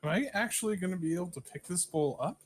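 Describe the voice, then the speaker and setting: A man's voice: high voice, animated, fast talker. Wry man playing at the table. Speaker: player. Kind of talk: casual tabletop game play.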